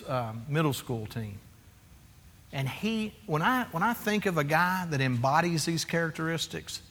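Animated, bright-voiced pastor preaching in a hall. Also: male voice, fairly high pitch. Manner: animated, confessional, acts out quotes, calls for amens. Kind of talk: sermon. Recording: echoey hall.

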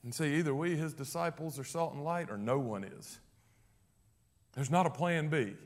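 Emphatic pastor, high-pitched man. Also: moderate pace. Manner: emphatic, swings from loud declarations to hushed low passages. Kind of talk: sermon.

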